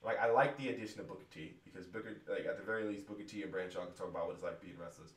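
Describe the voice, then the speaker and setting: A frustrated man rants straight to his viewers, swearing freely and restarting his sentences. His voice sits a little low. He sounds set back from the mic in a roomy, echoing space. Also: rapid-fire, few pauses. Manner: frustrated, profane, rambling with restarts. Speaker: musician venting to viewers. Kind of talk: casual rant to camera. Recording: echoey room, distant from mic.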